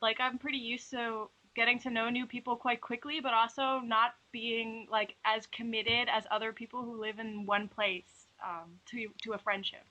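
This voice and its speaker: A young woman from the Netherlands speaks as an interview guest, unhurried and reflective, filling pauses with little hesitations. Her voice is bright and clear in tone. The audio sounds slightly dull and lo-fi. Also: fairly high pitch. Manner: relaxed, reflective, uses many fillers. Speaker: illustrator and animator guest. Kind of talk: interview conversation.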